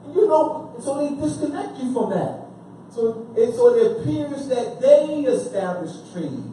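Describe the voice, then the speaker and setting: A man's voice: very high voice, lively intonation, a little slow, mellow, slight background noise. A man giving an informal history lecture who questions his listeners and repeats points for emphasis. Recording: echoey room, speaker far from the mic.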